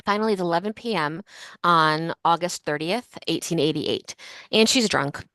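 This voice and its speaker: A woman's voice: lowish voice, moderate pace, a bit bright, no room sound, studio quality. A woman hosting a casual history podcast, telling a story in a chatty way full of fillers like "like" and "um". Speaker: podcast host.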